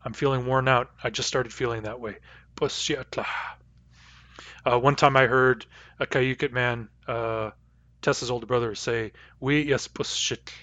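A man teaching a language lesson, repeating each example word slowly and carefully. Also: medium pitch, steady tone, pushed and bright, no echo, muffled recording. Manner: slow, careful repetition of example words.

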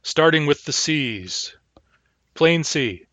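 A man's voice: a little high, animated, takes it slowly, a bit bright, no echo. A man teaching a language, giving a pronunciation lecture and saying each example word twice as a model. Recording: dull, lo-fi dry recording.

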